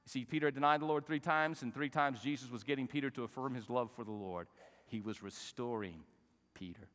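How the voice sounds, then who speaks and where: Bright-voiced preacher man in a reverberant hall. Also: mid-range voice, a little fast. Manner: swings from soft talk to shouting; asks the congregation to repeat phrases. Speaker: pastor. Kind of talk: sermon.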